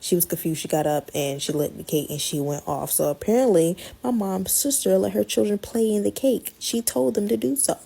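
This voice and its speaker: A woman hosting a podcast, telling a story in casual, slangy chat that swings between loud and hushed. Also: mid-range voice, a little fast, vocal fry, hardly any pauses, breathy edge.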